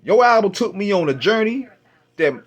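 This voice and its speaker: This is a male radio host, recounting a memory in loose, casual storytelling. His voice sits a bit high and moves with lively, animated swings in pitch. He talks in a profane, expressive way, often laughing at his own reactions. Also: moderate pace. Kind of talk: casual storytelling album review.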